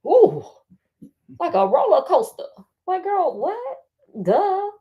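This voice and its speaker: A woman's voice: very high-pitched, slow pace, gravelly, muffled recording. A woman reading a book aloud and breaking off into sassy, joking commentary. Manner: sassy, animated, laughing asides. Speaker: storyteller.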